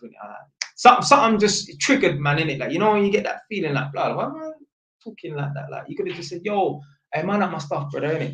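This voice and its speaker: A young man tells a story in thick street slang and acts out each voice with energy. His voice sits a little high. The room around him is echoey. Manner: animated, acts out voices, heavy London slang. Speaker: vlogger telling a story. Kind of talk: casual storytelling monologue.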